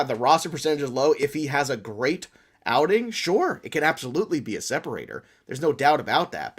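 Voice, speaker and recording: Chatty podcast guy, slightly high voice, joking around, clears his throat a lot. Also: fairly bright tone. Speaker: podcast co-host. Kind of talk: casual podcast banter.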